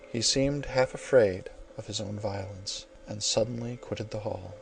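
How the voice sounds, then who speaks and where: A man narrating a classic novel in a measured, formal storytelling manner, heard over faint background music. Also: lowish voice, vocal fry. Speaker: audiobook narrator.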